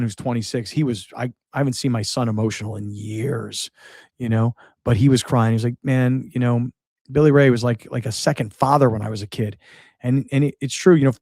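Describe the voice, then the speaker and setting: A man's voice: mid-range voice, a little mellow, no echo. Middle-aged radio host guy, stumbles and repeats himself, dry close studio sound. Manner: halting, repeats words, shifts between sad and laughing. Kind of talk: emotional on-air remembrance.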